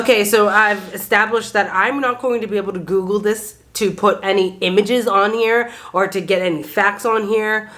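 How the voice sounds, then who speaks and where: A woman's voice: mid-range voice, normal speed, few pauses. Chatty woman in her thirties. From Massachusetts, USA. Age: 30s. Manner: chatty and expressive, heavy use of "like" and "okay?". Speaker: vlogger. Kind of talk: casual vlog chat.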